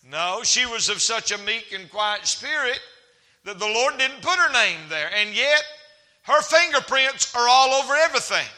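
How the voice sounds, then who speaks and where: A man's voice: very high-pitched, expressive, normal speed, sharp tone. A man preaching a folksy, humorous sermon as a traveling evangelist in a church. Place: church hall. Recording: reverberant church hall.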